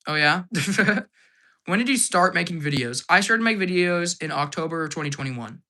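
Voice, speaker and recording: A man hosting a casual live stream Q&A, reading out viewer comments and answering them. He is hyper, laughs often and sounds slightly hoarse. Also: sits high, expressive, moderate pace, bright, forceful tone.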